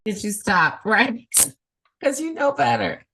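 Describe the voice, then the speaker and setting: A woman hosting a podcast, speaking in a calm, reflective and affirming way. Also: a little high, takes it slowly, gravelly, slight background noise. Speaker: podcast host. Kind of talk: casual conversational podcast.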